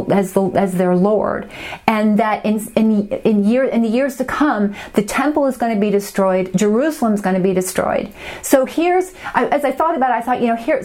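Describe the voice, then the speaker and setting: A woman's voice: mid-range voice, a little mellow. A young adult woman teaching a Bible study, reading scripture passages aloud and then explaining them in a conversational way.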